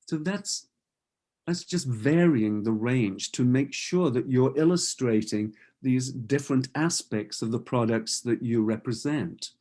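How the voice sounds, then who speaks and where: A middle-aged man speaks as a voice coach in an online talk. His voice is mellow and warm, at a middle pitch, and he explains things patiently, stopping to act out sample phrases and restarting sentences as he goes. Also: unhurried. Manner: explanatory, with demonstrated example phrases and frequent restarts. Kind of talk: webinar talk.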